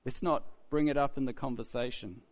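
A man's voice: mid-range voice, brisk. A man preaching a sermon in a conversational way, often asking "isn't it?" and repeating words as he goes.

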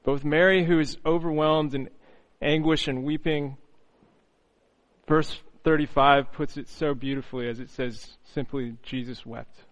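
A man preaching an earnest, reflective sermon, often pausing on "you know" and restarting phrases. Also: fairly high pitch, steady tone, low-quality recording.

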